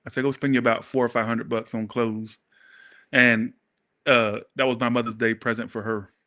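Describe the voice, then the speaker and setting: A man with a drawl runs a casual tarot reading, his voice bright and forward. He talks to his viewers directly, blunt and sassy, and keeps the energy animated. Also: mid-range voice, moderate pace. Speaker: tarot reader.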